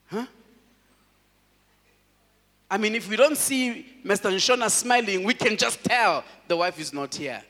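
Animated man preaching. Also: high voice, measured pace, pauses often, in a large hall. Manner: animated, laughing, calls out to the congregation. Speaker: pastor. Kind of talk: sermon.

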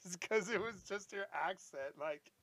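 A man's voice: high-pitched, measured pace, fairly bright tone. A man co-hosting a casual podcast, easily amused and laughing a lot. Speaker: podcast co-host.

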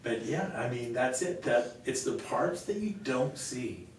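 A male pastor talking earnestly in a conversational Q&A, telling stories with gentle laughs. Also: animated, unhurried. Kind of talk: conversational Q&A teaching. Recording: echoey room, mic far off, faint rumble.

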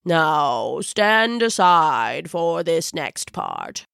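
A woman doing a slow, kindly old wizard. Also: sing-song, vocal fry, clean tone, no room sound, studio quality, heavily acted. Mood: gentle. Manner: slow, deep, gentle and wise. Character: kindly old male wizard Father Frost. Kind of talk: storybook voice acting.

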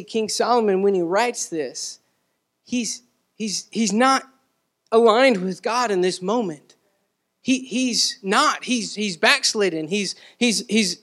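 A man's voice: high voice, fairly bright tone. A man preaching a sermon as pastor, in a conversational way, repeating words and asking the congregation questions.

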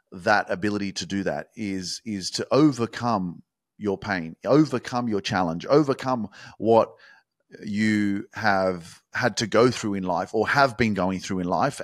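A man hosting his own motivational podcast, talking intensely and swearing, sometimes building up to shouted hype. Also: lowish voice, expressive, normal speed, dry recording, studio quality. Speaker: podcast host. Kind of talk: motivational monologue.

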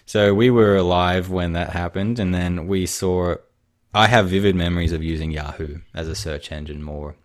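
A man's voice: sits low, steady tone, normal speed. A man in casual chat, musing aloud and often trailing off and restarting.

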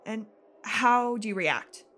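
A woman's voice: fairly high pitch, lively intonation, slow, fairly bright tone. A woman narrating a tabletop role-playing game as game master, casual and laughing often.

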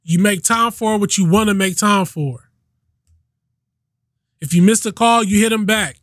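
High-voiced man ranting on his podcast. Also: measured pace, a bit bright, no room sound, clean studio sound. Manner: emphatic, repetitive, swears freely. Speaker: podcast host. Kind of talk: casual solo rant.

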